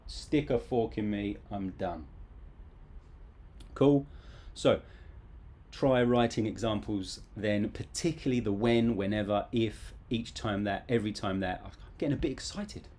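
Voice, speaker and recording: A man's voice: lowish voice, unhurried. Playful man teaching a live English class. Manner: casual, playful, lively. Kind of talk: live online grammar lesson.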